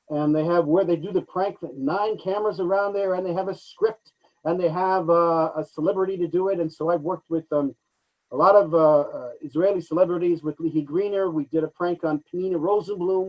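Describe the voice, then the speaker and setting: A chatty man with a slightly raised voice tells stories about his acting work. He speaks casually, with lots of ums and restarts. His energy stays lively and conversational. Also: on the high side, rough recording. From United States. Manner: animated, chatty storyteller with frequent fillers. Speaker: actor guest. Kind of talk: casual interview chat.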